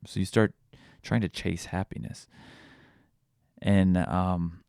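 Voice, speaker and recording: A man's voice: low voice, moderate pace, warm tone, smooth, no echo, studio quality. A man in his thirties hosting a podcast, musing aloud in a candid, rambling way full of restarts. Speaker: podcast host. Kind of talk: reflective monologue.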